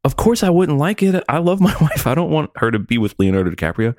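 A middle-aged man co-hosting a podcast, chatting casually in rambling, profane, animated stories. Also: fairly high pitch, fast talker, no room sound, studio quality. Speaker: podcast co-host. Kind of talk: casual chat.

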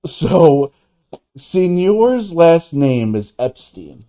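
A man co-hosting a casual film review chat, talking in halting bursts with many restarts. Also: on the high side, very animated, warm tone. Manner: halting, many restarts and fillers, laughs as he talks. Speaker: podcast co-host.

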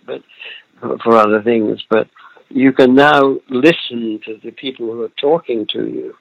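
Gravelly elderly man, muffled and dry. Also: medium pitch, no echo. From Britain. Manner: reflective storyteller, chuckles often, trails off mid-thought. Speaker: actor guest. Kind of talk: relaxed interview over a remote call.

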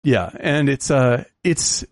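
This man's talk swings all over, with plenty of laughs and restarts as he chats about films. His voice is husky and gravelly, with little pitch held steady. The sound is dry and close. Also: slow pace, no room sound. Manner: animated, laughs often, many restarts. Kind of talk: casual film-review chat.

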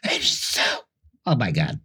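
A man's voice: a little slow, pushed and bright. A man co-hosting a podcast, dryly recapping the plot of a bad old movie. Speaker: podcast co-host.

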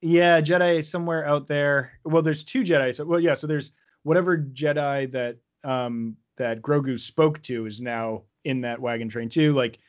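A man's voice: on the high side, moderate pace, few pauses, lo-fi sound. Rambling male podcast co-host. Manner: rambling, restarts thoughts, playful quips. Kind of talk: casual fan podcast chat.

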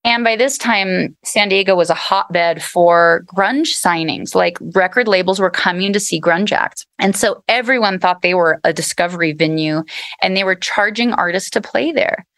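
A woman in her fifties, a podcast guest, telling a story in a lively, animated way. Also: lowish voice, moderate pace, no echo. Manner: lively, animated, acts out quotes. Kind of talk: casual storytelling.

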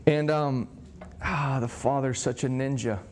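A middle-aged man preaching with animated storytelling, acting out the dialogue of his stories. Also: mid-range voice, a little slow. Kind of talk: sermon-style teaching.

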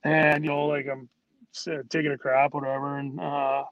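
A man's voice: mid-range voice, level tone, normal speed, dry recording, muffled recording. A man who played pro hockey, a guest telling stories in a rambling way, full of "like"s and acted-out quotes of teammates. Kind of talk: casual storytelling.

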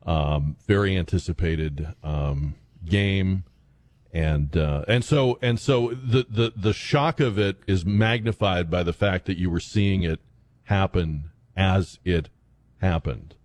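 Male talk radio host, very low voice, dry studio sound, halting delivery full of fillers. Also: darkish tone, dry recording. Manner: halting, many fillers and restarts. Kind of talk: casual radio chat.

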